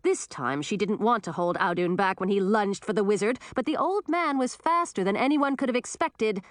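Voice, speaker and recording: Woman narrator, storybook read-aloud, very lively pitch, dry close sound. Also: normal speed, no room sound. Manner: expressive, dramatic.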